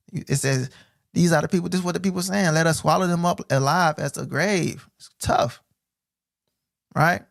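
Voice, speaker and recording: A man teaching scripture on a stream, reading verses slowly and then explaining them in casual street slang, often asking 'right?'. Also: a little high, vocal fry, dry recording, clean studio sound. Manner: casual, repeats 'right?' and 'bro'. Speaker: Bible teacher.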